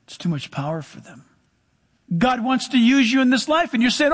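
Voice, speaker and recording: A middle-aged male pastor preaching a sermon, animated, with sudden drops to soft, low asides. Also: normal speed.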